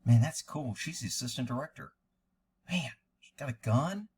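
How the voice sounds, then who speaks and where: A man's voice: mid-range voice, expressive, normal speed, darkish tone, a little hiss or hum. A man giving a profane, sarcastic, exasperated running commentary on a video, as a former fugitive hunter.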